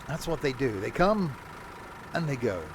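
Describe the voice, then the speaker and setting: A man's voice: mid-range voice, very animated, moderate pace, background noise. A man giving rambling, self-mocking commentary while playing a driving game. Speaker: gaming streamer. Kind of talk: casual gameplay commentary.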